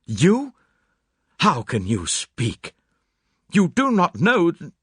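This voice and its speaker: A man's voice: deep voice, very animated, a little slow, creaky, a little mellow, dry recording, studio quality, exaggerated voice. A man voicing a defensive, indignant middle-aged husband in an audiobook. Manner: protesting, agitated.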